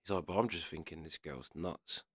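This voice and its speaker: A man's voice: a bass voice, moderate pace, no echo, clean studio sound. A man, a reaction video host, casually retelling a friend's story and quoting him with constant "he's like".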